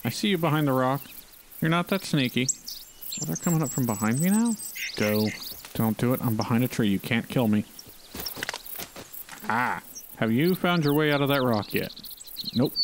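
A man's voice: mid-range voice, lively intonation, normal speed, pauses often, noisy background. A man giving casual gameplay commentary, talking and pleading with the animals on screen. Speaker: gaming channel host.

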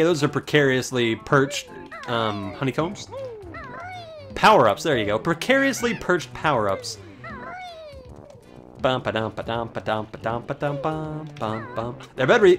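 Mid-range and fairly bright, a man's voice carries his casual let's play commentary. He's irreverent and jokey, cursing often as he plays.

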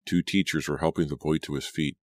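A man narrating an audiobook in a steady, measured reading style. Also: a bass voice, no echo, clean studio sound. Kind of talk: scripted storybook narration.

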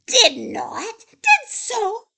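A woman's voice: on the high side, big pitch swings, very slow, creaky, full character voice. A woman doing a squealing little rabbit. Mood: shrill. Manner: loud, squealing and eager. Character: small excitable male rabbit. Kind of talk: storybook read-aloud.

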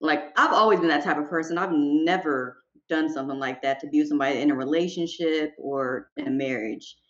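A woman co-hosting a podcast, telling her own story in relaxed, matter-of-fact casual chat. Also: low voice, a little fast, dull audio. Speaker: podcast co-host.

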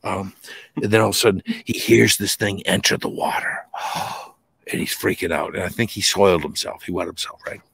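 A middle-aged man from New England, a guest telling a paranormal encounter story in a colloquial, swearing, animated way. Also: low-pitched, brisk, creaky, husky, dry recording. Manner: colloquial, swears casually, restarts often. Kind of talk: animated storytelling in a podcast interview.

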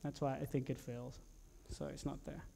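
A man who directs commercials shares lively anecdotes from his job, restarting often and using plenty of fillers. His voice is medium-pitched and creaky, with a moderate pace.

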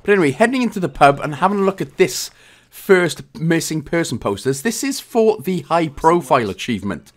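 A man's voice: on the high side, sing-song, a little fast. A man from Wales giving a casual, jokey game walkthrough, chatty and often correcting himself. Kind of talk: casual gameplay commentary.

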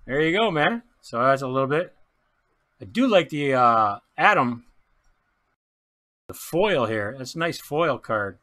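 A man giving chatty, excitable commentary while opening baseball card packs, often stumbling over player names and laughing. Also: a little high. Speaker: card pack breaker.

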